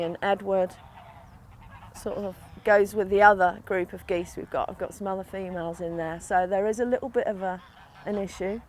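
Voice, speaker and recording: A woman's voice: medium pitch, a little hiss or hum. A middle-aged English woman farmer talking casually and with feeling about her animals. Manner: chatty, emotional, talks softly to animals. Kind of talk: casual chat on a farm.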